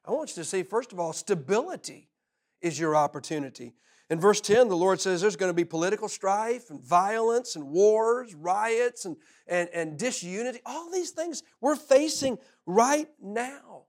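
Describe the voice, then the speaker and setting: Animated, high-pitched pastor. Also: male voice, normal speed. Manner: animated storyteller, laughs often, repeats words. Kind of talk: sermon.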